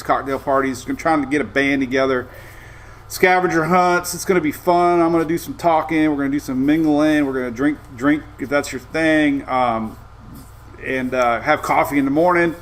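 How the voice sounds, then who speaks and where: A middle-aged man hosting a casual live weather show, rambling and easygoing with excitable asides. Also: a little high.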